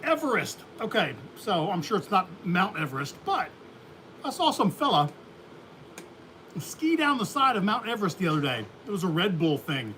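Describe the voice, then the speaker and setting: A man's voice: high voice, very animated, normal speed, sharp tone, a little hiss or hum. A man hosting a beekeeping livestream, chatting casually in a folksy, rambling way and laughing often. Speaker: beekeeping channel host.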